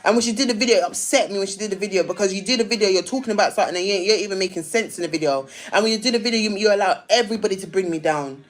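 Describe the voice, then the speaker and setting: A woman's voice: mid-range voice, very fast, hardly any pauses, soft background music. Ranting woman on a livestream. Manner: emphatic, repetitive, ranting. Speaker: live streamer. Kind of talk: heated live-stream rant.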